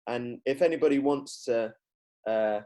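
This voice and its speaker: Young man, podcast host, casual rambling chat, laughs a lot, loud acted-out quotes. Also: medium pitch, measured pace. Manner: rambling, laughs often, acts out quotes loudly.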